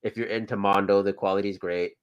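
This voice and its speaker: Low-voiced easygoing male host. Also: steady tone, fairly quick, clean tone, dull audio. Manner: easygoing, rambling, thinks aloud. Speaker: podcast host. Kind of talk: casual chat about toys and films.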